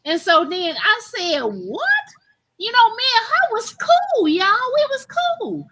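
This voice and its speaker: Middle-aged woman host, AAVE, animated live-stream storyteller with a high, bright voice. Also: slow. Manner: animated, laughing, addresses listeners as y'all. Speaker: host telling a childhood story.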